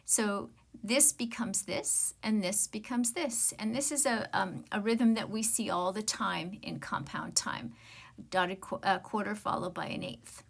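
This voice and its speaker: A woman's voice: medium pitch, measured pace, gravelly, husky. A woman music teacher giving an online rhythm lesson, explaining patiently and counting and chanting rhythm syllables aloud.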